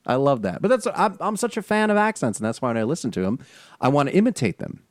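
A man co-hosting a casual chat, animated and laughing often, talking fast. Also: fairly low pitch. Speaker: podcast co-host. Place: Los Angeles area.

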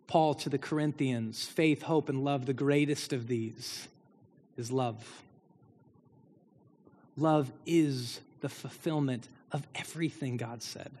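A man's voice: mid-range voice, dark tone, breathy edge. A man preaching a sermon as pastor, building emphasis through repeated phrases. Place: church sanctuary. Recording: long hall reverb.

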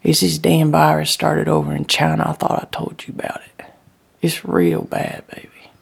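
A woman voicing a frightened sick man who talks in a rough, plain-spoken dialect. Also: deep voice, little pitch movement, normal speed, full character voice. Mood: scared.

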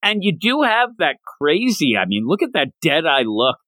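Lively higher-voiced man recapping a manga. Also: dry recording. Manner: animated retelling of scenes, slipping into quick character voices. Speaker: podcast host. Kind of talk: casual manga discussion podcast.

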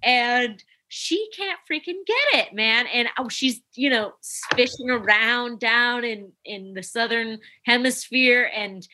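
A young woman nurse telling a story in an animated, casual way. Her voice sits a little high and very bright, and she leaps up in pitch whenever she quotes someone. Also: takes it slowly, few pauses. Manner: animated, acts out quotes with big pitch jumps.

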